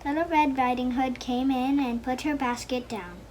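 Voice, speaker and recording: A woman reads a children's story aloud in a high voice. She makes small slips now and then as she reads. There is faint noise behind her. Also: fairly even intonation, moderate pace, a little mellow, rough recording.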